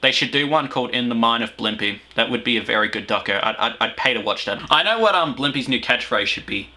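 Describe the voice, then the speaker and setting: A man's voice: medium pitch, lively intonation, fast, sharp tone. A young man with an Australian accent, hosting a comedic video review and rambling crudely between jokes. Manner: crude, joking, rambling with fillers. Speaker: host.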